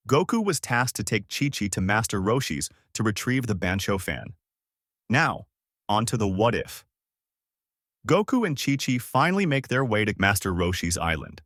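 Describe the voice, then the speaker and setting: A man hosting and reading a fan-made story in a plain, steady narration. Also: lowish voice, dry recording, studio quality. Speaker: host.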